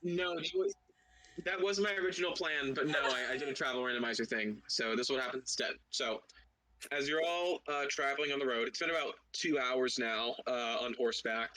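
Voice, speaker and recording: Bright-voiced male game master. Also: mid-range voice, fairly quick, poor audio. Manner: laughing often, loose and rambling. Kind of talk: narrating a tabletop game.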